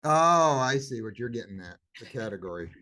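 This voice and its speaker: A man's voice: medium pitch, big pitch swings, a little fast, sharp tone. A man as a podcast guest in a casual chat about upcoming movies, easygoing and chatty, rambling as he tries to remember.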